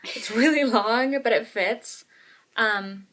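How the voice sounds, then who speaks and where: Chatty, animated woman podcast co-host. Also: on the high side, takes it slowly. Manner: chatty, animated storyteller, frank and self-mocking. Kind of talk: casual chat.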